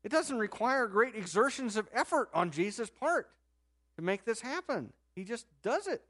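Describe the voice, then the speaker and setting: A man preaching a sermon in a conversational, animated storytelling manner, rising sharply in pitch and loudness at times and dropping to a soft low voice for quoted words. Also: normal speed. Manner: drops to a soft, low voice when quoting Jesus. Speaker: pastor.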